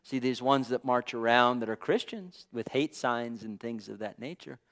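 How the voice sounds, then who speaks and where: A man's voice: medium pitch, normal speed, a bit bright. A man preaching a sermon in an impassioned, conversational way, dropping in exclamations of praise.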